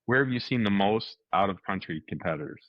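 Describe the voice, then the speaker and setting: A man with a very low voice tells a story in a loose, chatty way, jumping into the voices of the people in it and restarting his sentences. The sound is dry and a little dull. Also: brisk, no room sound. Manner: animated storyteller, acts out quotes, many restarts. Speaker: podcast co-host. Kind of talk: casual storytelling chat.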